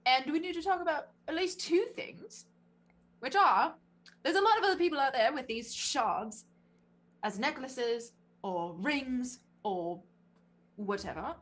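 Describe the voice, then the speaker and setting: A woman at a tabletop game speaks in emphatic, casual in-character talk. Her voice is husky and breathy. Her pitch sits a little high and moves a lot. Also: lively intonation, a little slow, a bit bright. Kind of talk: casual in-character role-play.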